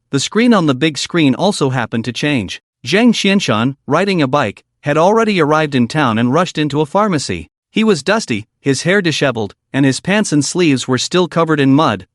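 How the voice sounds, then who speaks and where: A man's voice: a little high, no echo, clean studio sound. A man narrating a scripted story recap in a dramatic storytelling manner.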